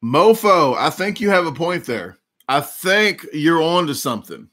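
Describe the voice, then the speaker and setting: A man's voice: a little high, sing-song, unhurried, a bit bright. A man in his forties with a Southern US accent, hosting a casual live chat and telling rambling, jokey stories. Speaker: livestream host.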